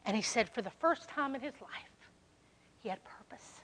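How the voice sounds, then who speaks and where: A woman with a Southern US accent telling a story in an animated, conversational sermon. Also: fairly high pitch, normal speed. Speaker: speaker. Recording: reverberant hall.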